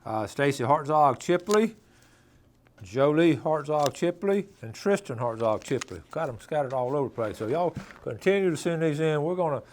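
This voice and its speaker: A man's voice: a little high, animated, moderate pace, darkish tone, slight background noise. Folksy man hosting an outdoors show. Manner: folksy, reads out viewer names. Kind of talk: casual broadcast hosting.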